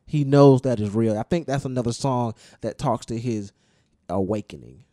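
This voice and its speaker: Man explaining at length, mellow voice. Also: medium pitch, normal speed, no room sound, studio quality. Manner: explains at length, with restarts and emphatic repetition. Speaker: podcast host discussing music. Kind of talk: casual podcast chat.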